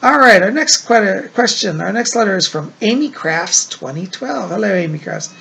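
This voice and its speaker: A man hosts a casual psychic-reading show and answers viewer letters one by one. His voice swings widely in pitch and carries a gravelly edge. He talks in a chatty, reassuring way, leaning on "like" and "you know.". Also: expressive, moderate pace, sharp tone. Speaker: psychic medium host.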